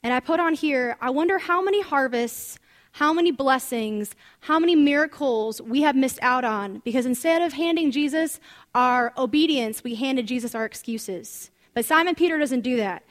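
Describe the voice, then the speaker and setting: High-voiced woman giving a chatty sermon. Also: normal speed. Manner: animated, chatty storytelling with asides. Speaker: Bible teacher. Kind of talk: conversational sermon.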